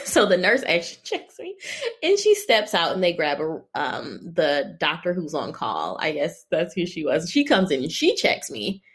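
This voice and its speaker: A woman tells a personal story in a relaxed, chatty way, her pitch swinging up and down. She laughs often and slips into short impressions of the people she quotes. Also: moderate pace. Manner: laughs often, animated in retelling; acts out other people's lines.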